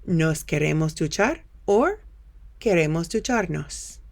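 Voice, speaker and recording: A woman teaching a Spanish grammar lesson over slides, patiently explaining step by step and telling students to pause and practice. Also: deep voice, expressive, a little mellow.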